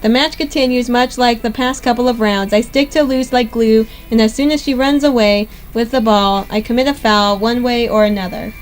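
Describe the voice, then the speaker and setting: A young woman hosting a gaming channel, reading a visual novel aloud in steady first-person narration. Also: on the high side, normal speed, few pauses, poor audio.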